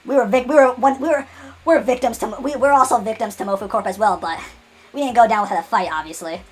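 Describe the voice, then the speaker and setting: Woman storyteller, fast and rambling, husky, keeps restarting lines. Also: on the high side. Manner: excitable, repetitive, stumbling.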